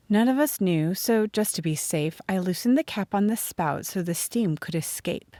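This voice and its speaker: Casting: animated female audiobook narrator, lowish voice, dry close sound. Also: normal speed, hardly any pauses, no room sound. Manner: expressive, animated reading. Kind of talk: first-person storybook narration.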